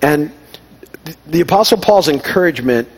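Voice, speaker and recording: A man's voice: fairly high pitch, lively intonation, moderate pace, husky. A middle-aged man giving an informal sermon, telling personal stories and acting out the dialogue in a conversational, self-deprecating way. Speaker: pastor.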